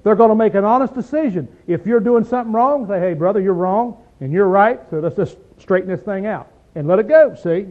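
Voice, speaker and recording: Folksy high-voiced preacher on a tinny line. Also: male voice, lively intonation, fairly quick, hardly any pauses. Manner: folksy, emphatic, asks rhetorical questions like "see?" and "okay?"; clears throat often. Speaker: preacher teaching a Bible study. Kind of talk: conversational Bible teaching. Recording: tinny phone-like sound.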